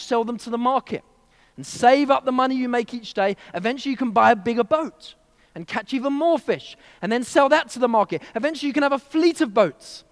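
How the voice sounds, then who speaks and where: A man voicing a self-assured male American businessman who lectures in a brisk, confident sales pitch. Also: big-room sound.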